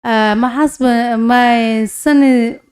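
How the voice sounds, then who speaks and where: A woman, giving a personal testimony at a church conference in halting, broken full of hesitations. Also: a little high, fairly even intonation, darkish tone.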